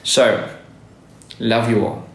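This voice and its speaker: A man on a casual livestream, giving upbeat, rambling shout-outs to fans and stumbling over his words. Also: mid-range voice, little pitch movement, slow pace, creaky, slight background noise. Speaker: musician hosting a live stream. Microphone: phone livestream. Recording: echoey room.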